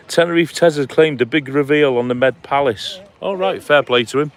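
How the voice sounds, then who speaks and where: A man live-streaming on a clifftop walk by the sea, chatting casually and reading out viewers' comments by name. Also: a little high. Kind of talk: casual live-stream chat while walking. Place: outdoors on a seaside clifftop walk.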